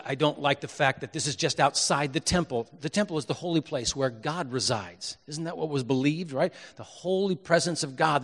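Reflective preacher man, echoing church. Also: a little high. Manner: reflective, repeats phrases, swings from loud to hushed. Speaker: pastor. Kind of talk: sermon.

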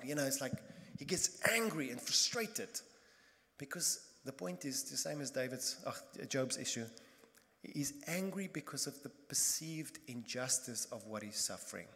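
A man preaching a sermon as pastor, emphatic and impassioned, repeating phrases and swinging between loud bursts and hushed moments. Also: mid-range voice, lively intonation, moderate pace. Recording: long reverb of a large hall.

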